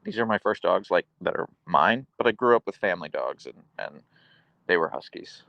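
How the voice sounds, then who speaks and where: Male streamer, casual and chatty with viewers; low, lively voice with dry close sound. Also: normal speed, gravelly, dry recording, muffled recording. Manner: relaxed, chatty, answers viewers. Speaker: livestream host reading chat. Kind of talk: casual live-stream chat.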